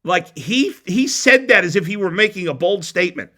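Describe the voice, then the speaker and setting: A man's voice: high voice, expressive, normal speed, pushed and bright. A man hosting a sports talk show, ranting bluntly and heatedly with frequent stumbling restarts. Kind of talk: opinionated sports radio rant.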